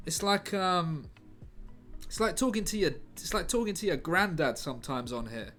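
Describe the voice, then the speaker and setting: A man's voice: fairly high pitch, expressive, normal speed, a bit bright. A young man chatting casually on a live stream, joking with his chat as he types. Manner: chatty and jokey, banters with chat. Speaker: streamer writing a film script live. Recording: faint music behind.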